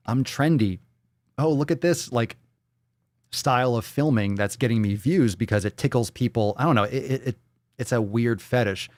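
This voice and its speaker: A man's voice: on the low side, darkish tone, no room sound, studio quality. A man hosting a fitness show, reacting bluntly and crudely to a clip in profane live-stream commentary.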